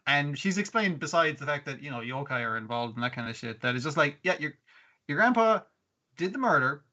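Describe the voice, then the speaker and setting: A man's voice: a little high, very animated, a little fast, sharp tone, dull audio. A man co-hosting a casual podcast, swearing freely and acting out characters' lines as he recaps episodes. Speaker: podcast co-host. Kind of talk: casual anime podcast chat.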